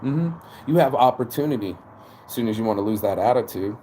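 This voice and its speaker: A man's voice: mid-range voice, a little fast. Guy ranting motivational stuff, swears a lot, bit of background noise. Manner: animated, profane, preachy. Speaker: motivational vlogger. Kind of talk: casual motivational monologue.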